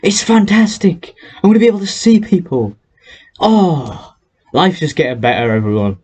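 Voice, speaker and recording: Upbeat teen lad, North East English accent. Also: male voice, high voice, expressive, moderate pace, a little mellow, slightly rough. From North East England. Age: teens. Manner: upbeat, chatty, laughs between sentences. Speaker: YouTuber. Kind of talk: casual vlog monologue. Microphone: headset mic.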